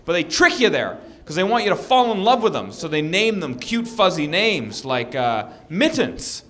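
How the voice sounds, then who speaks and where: A man performing a stand-up comedy set, telling animated stories and acting out shouting characters. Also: high voice, moderate pace.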